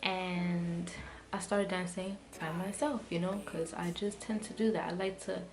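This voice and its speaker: With music running underneath, a young female vlogger rambles through a casual storytime, heated and profane, full of "like" and false starts. She speaks at a measured pace in a fairly low, fairly even voice.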